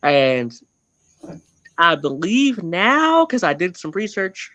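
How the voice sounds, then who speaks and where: A man's voice: sits high, very animated, slow pace, pushed and bright, muffled recording. A man telling his family history as a guest in a casual interview, rambling and often correcting himself mid-sentence.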